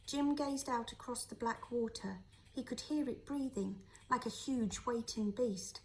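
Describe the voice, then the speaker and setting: A teacher reads a children's novel aloud in a steady, clear storytelling voice. Her voice sits a little high for a woman. She keeps an even, unhurried pace through the story. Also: slight background noise, rough recording. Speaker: teacher reading to a class.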